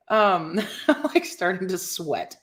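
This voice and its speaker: Lively woman chatting on a live stream. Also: medium pitch. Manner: animated, laughing often, reading viewer comments aloud. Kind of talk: casual live stream chat.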